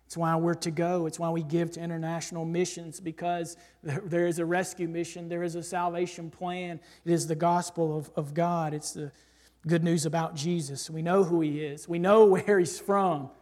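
A male pastor preaching a sermon and reading scripture aloud, emphatic, swinging from loud declarations to hushed asides. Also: a little high, little pitch movement, normal speed. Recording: long hall reverb.

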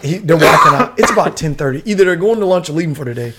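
Fast-talking, profane army veteran man. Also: on the high side, very noisy. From United States. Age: middle-aged. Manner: profane, slangy, animated storyteller. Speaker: podcast guest, retired soldier. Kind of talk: casual storytelling.

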